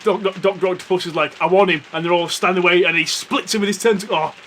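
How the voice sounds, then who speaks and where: Man, high voice, eager, stumbling, casual podcast, faint rain behind. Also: steady tone, fast, a bit bright, slight background noise. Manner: enthusiastic, stumbling over words. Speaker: podcast co-host. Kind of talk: casual chat.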